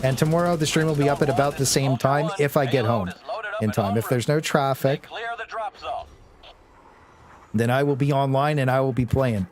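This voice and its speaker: A man's voice: medium pitch, moderate pace, pauses often. A young man casually chatting with his viewers during a game live stream, rambling and joking, often with a laugh. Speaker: gaming streamer.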